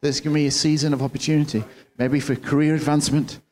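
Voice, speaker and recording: A man's voice: fairly high pitch, level tone, quick pace, darkish tone. A man preaching a sermon from a church platform, earnest and sometimes restarting his phrases. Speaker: pastor.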